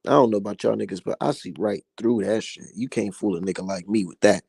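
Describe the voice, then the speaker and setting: A young man holds forth on boxing in a loose, heated monologue, swearing freely and pitching up when riled. His voice carries a gravelly rasp, and the recording is dry and close with no room sound. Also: brisk, hardly any pauses, a little mellow, no room sound. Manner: profane, heated ranting that climbs high when worked up. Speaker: boxing commentary host. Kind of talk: casual boxing commentary monologue.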